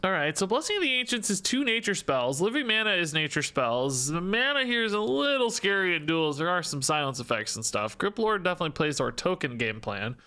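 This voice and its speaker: A man's voice: high voice, sing-song, brisk, hardly any pauses, sharp tone, clear, resonant tone. A man streaming a card game, thinking aloud, questioning himself and joking between plays. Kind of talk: live-stream gameplay commentary.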